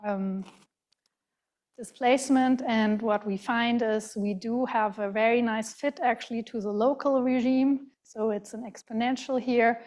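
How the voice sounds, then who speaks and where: In a large hall, a woman with a German accent gives an academic lecture in a slightly high, a little mellow voice with fairly even intonation. Her delivery is careful and halting, laden with fillers and restarted words.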